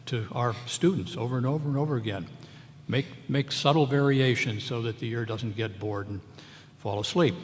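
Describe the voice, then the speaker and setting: A man speaking as an English professor on a memorial panel, walking through the meter of a poem with measured, explanatory care. He slows down to sound out lines of verse, and his voice carries a long reverb from a large hall. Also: lowish voice. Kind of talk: close-reading lecture on a poem.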